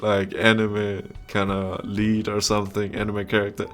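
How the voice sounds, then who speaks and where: A man's voice: lowish voice, monotone, normal speed, fairly bright tone. A young man playing through a visual novel in a casual let's-play, reading the text aloud and adding crude, joking asides. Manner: reads the game text aloud, with frequent laughs and crude asides.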